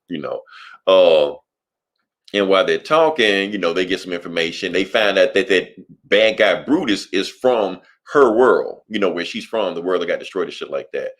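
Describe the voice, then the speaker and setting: A man's voice: deep voice, expressive, normal speed, fairly bright tone. A man co-hosting a podcast, casually recapping a comic book plot in a loose, profane storytelling way. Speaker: podcast co-host.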